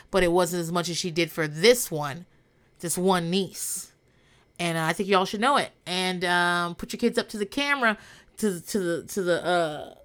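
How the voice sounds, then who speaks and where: A woman hosts a casual podcast recap on a podcast microphone, talking bluntly with plenty of swearing and laughter. Her voice is mid-range with a fairly bright tone.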